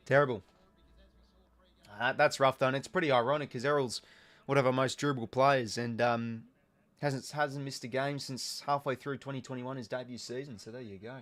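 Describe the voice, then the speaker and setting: A man's voice: mid-range voice, fairly bright tone. Chatty Australian man commentating footy live. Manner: chatty, reads out viewer comments, filler-heavy. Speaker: live watch-along host. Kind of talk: casual live game commentary.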